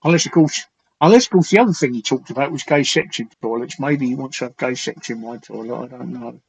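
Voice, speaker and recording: A man hosting a late-night live stream chat, slightly hoarse, rambling and crude as he reads out viewer comments. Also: medium pitch, fast, low-quality recording. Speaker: talk show host.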